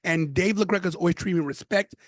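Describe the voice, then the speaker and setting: A man in his fifties from Brooklyn, a former wrestler appearing as a podcast guest, speaks quickly in a high-pitched voice with a New York accent, and there is no echo. In casual interview chat, he tells stories animatedly and emphatically, repeating phrases.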